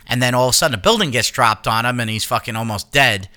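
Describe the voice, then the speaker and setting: A man's voice: mid-range voice, quick pace, pushed and bright. A man co-hosting a podcast, rambling and swearing in casual chat, full of fillers and restarts. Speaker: podcast co-host.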